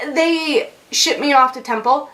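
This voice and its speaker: A woman's voice: sits high, measured pace, a bit bright. A young woman vlogger telling a story in a chatty way, with lots of fillers, laughs and swearing. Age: young adult. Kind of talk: casual storytime.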